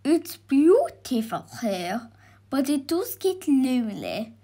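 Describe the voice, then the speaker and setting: A gentle, lazy, friendly dragon from a storybook, read by a woman. He talks softly and easily, in a slow, unhurried way. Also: high voice, very animated, full character voice. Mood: easygoing.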